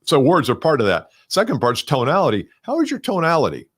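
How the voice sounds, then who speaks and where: A man's voice: on the low side, very animated, brisk, hardly any pauses, a bit bright. A middle-aged man coaching salespeople in a conversational, emphatic solo talk.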